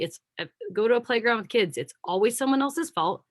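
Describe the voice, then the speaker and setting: A woman's voice: mid-range voice, fast talker, dry recording, clean studio sound. A middle-aged woman giving a candid motivational talk on a video call, speaking to her listeners as friends. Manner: candid, preachy and animated, addressing listeners as friends. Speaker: guest speaker.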